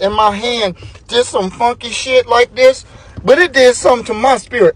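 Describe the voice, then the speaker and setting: A man's voice: very high-pitched, fairly even intonation, moderate pace. A man telling a story in a casual, joking and self-mocking way in a vlog clip. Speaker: vlogger in a played clip.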